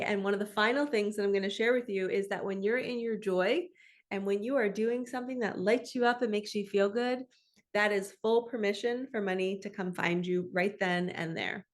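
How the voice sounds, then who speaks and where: Soft-spoken woman spiritual coach. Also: mid-range voice. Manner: soft, affirming, speaks self-talk phrases slowly. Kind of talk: motivational talk to camera.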